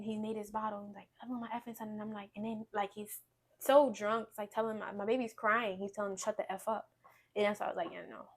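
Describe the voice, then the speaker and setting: A woman recounts her own hard experience as a testimony. She talks in a rambling, halting way, stopping and restarting as she goes, in a voice of middling pitch. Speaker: guest sharing her testimony. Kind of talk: emotional personal testimony.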